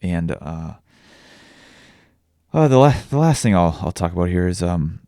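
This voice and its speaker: With big swings in pitch, a young man opens up in his personal vlog, speaking haltingly and rawly in a deep, gravelly voice. He's a vlogger and podcaster whose dark, mellow sound is close and dry, without echo or room sound, and he curses freely as he restarts.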